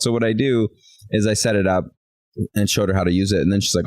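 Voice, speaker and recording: A man's voice: on the low side, fast talker, darkish tone, no room sound, rough recording. A man co-hosting a relationship talk show, telling stories animatedly and acting out bits of quoted dialogue. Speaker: podcast co-host. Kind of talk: casual chat.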